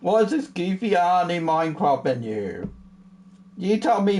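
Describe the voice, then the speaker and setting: A man's voice: sits high, sing-song, a little slow, a little mellow. A young man talking casually to his livestream chat, moving from a somber farewell talk to exasperated, heavily swearing outbursts. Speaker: streamer.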